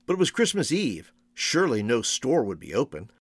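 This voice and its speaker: A man reading a Christmas storybook aloud, slow and expressive, like a storyteller. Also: medium pitch, breathy edge, no echo. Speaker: storybook reader.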